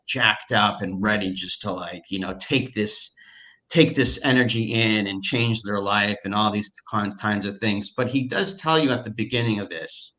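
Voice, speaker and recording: Excitable man with a bright, lowish voice. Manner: excitable, lots of filler words and restarts. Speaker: storyteller recounting a personal experience. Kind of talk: casual conversational storytelling.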